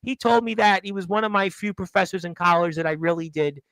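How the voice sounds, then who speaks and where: A man's voice: high-pitched, fast, creaky, fairly bright tone, no echo, poor audio. A man from Brooklyn hosting a casual live talk show, reading chat comments aloud with jokes. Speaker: host.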